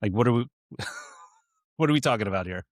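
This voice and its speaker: A man's voice: lowish voice, animated, fast talker, no echo, clean studio sound. A man co-hosting a podcast, chatting casually about football, saying "like" often and laughing easily. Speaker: podcast co-host.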